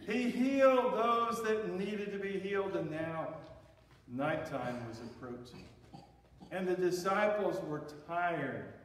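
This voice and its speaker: High-voiced preacher in an echoing hall. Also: male voice, animated, slow pace. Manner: preaching with emphatic rises and drops. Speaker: pastor. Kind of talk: sermon. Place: church sanctuary. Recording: echoey hall, voice from far off.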